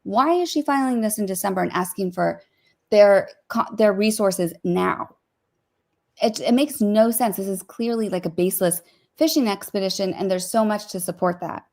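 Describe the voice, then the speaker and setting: A woman co-hosting a casual livestream, talking through court filings in a rapid, opinionated way with many fillers. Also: medium pitch, gravelly, a little mellow. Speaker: co-host discussing court filings.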